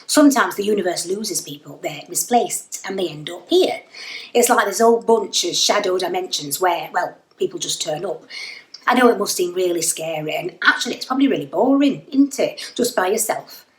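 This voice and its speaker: An actress putting on the voice of the Doctor, a chatty, upbeat woman with a Northern English accent who babbles brightly. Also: lowish voice, lively intonation, moderate pace, echoey room, close to an everyday voice.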